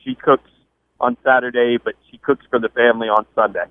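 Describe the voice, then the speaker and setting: A man's voice: mid-range voice, steady tone, a little fast, dry recording. A man calling into a radio show, speaking in an easygoing, matter-of-fact way over the phone. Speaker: caller. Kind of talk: call-in radio chat. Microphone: telephone. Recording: dull phone-line audio.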